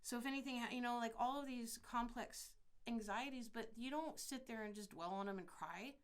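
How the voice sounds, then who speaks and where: A woman's voice: on the high side, fairly quick, smooth. Blunt, profane middle-aged woman podcaster. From California. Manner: blunt and profane, rambling with restarts. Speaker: podcast host. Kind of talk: casual monologue.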